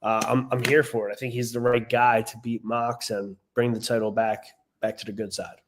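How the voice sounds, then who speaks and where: A man's voice: mid-range voice, flat delivery, moderate pace, background noise. Rambling male podcast co-host. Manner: rambling, filler-heavy storytelling. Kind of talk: casual wrestling chat.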